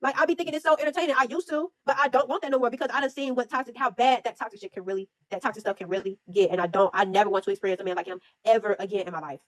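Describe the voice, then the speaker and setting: A young woman telling a story in a blunt, profane, animated way, in casual chat. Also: a little high, very fast, few pauses, dry recording. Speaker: storyteller host.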